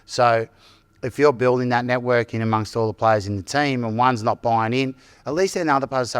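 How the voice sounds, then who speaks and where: A man's voice: medium pitch, fairly even intonation, brisk, smooth, no echo. Male rugby coach in his fifties, interview guest, earnest and reflective, dry close recording. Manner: earnest and reflective, restarts his sentences, drops in "mate". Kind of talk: casual interview chat.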